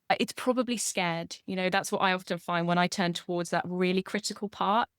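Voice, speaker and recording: A woman guest speaking as a coach, with a soft, soothing manner and steady reassurances. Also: lowish voice, a little fast, smooth, no echo, studio quality. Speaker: sober coach, podcast guest. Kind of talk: gentle coaching talk.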